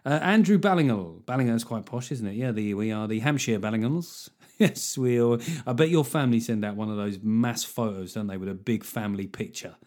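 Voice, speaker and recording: A man's voice: on the low side, a little fast, darkish tone. Man, podcast host, sardonic, sweary, comedic solo monologue. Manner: sweary, sardonic riffing with mock voices.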